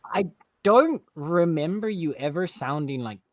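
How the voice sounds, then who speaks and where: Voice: mid-range voice, animated, measured pace, no echo, clean studio sound. A friend chatting casually during a game stream, explaining points thoughtfully with frequent hedges. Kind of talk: casual chat while gaming.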